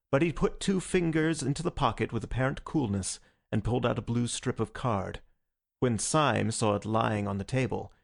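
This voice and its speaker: A man narrating an audiobook in a measured, even reading voice. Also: mid-range voice, gravelly. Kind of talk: scripted narration.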